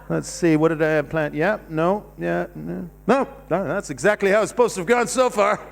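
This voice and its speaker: Male stand-up comic, high lively voice, rambling and self-mocking, stage mic with faint hum. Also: big-room sound. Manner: rambling, self-deprecating, swings from loud bursts to mumbling. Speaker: stand-up comedian. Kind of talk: stand-up comedy set. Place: cinema stage before a live audience.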